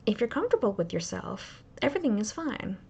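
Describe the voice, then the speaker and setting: A woman voicing a gentle, shy young woman survivor while reading a fan game's dialogue aloud. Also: mid-range voice, big pitch swings, brisk, vocal fry, muffled recording. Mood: content. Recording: loud game music behind. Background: loud game music.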